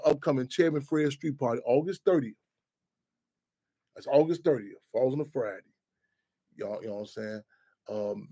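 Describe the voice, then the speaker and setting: A middle-aged man hosting a talk radio show, animated and heated, swearing freely. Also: mid-range voice. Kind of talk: casual talk radio monologue.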